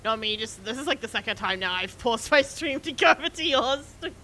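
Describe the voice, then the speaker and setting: A woman chatting casually as a guest on a stream, animated and laughing often. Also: on the high side. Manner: animated, laughing, quick to tease. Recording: faint background noise.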